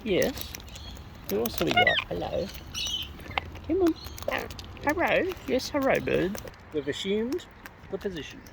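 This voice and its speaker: Woman crooning to birds, slow and gravelly, noisy outdoor take. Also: medium pitch, wildly swooping pitch. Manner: coos and baby-talks to birds. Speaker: bird feeder filming wild birds. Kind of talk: casual talk to birds.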